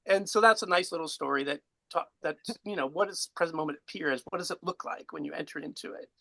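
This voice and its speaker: A man's voice: a little high, fast talker, vocal fry, no room sound, low-quality recording. A man on a video call giving a casual spiritual teaching, rambling and chuckling as he tells a story. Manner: relaxed, rambling, chuckles while telling. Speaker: guest speaker.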